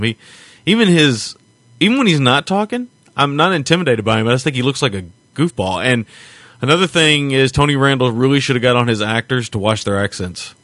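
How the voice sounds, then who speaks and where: A man's voice: mid-range voice, fairly bright tone, no echo. A man co-hosting a podcast, chatting loosely about a movie with frequent laughs and a joking, rambling manner. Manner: laughs often, jokey and rambling. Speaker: podcast co-host. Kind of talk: casual film review chat.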